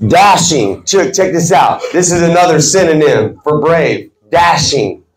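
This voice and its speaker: A man's voice: on the high side, expressive, a little slow, slight background noise. A man giving a motivational talk to a sales team, stressing his words with an emphatic, preacherly cadence. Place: team meeting room. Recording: echoey meeting room.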